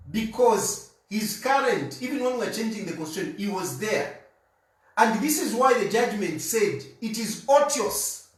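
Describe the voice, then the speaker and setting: A Zambian political commentator delivers an insistent, argumentative monologue, repeating his points again and again for emphasis. His voice sits high and is captured from a distance, off-mic, in an echoey room.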